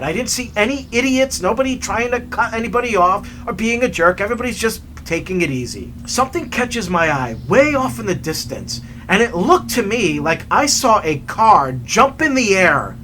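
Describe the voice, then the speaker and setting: A man telling a story in a chatty, animated way while hiking outdoors, recorded on a camera mic. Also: sits high, normal speed, a little hiss or hum. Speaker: hiking vlogger. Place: outdoors on a trail.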